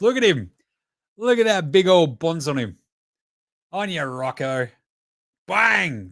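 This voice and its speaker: An Australian man in his thirties reacting live as a host, profane and excitable, cheering and chanting at the screen between chatty stories. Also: high-pitched, unhurried, pauses often, dry recording, clean studio sound. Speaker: podcast host.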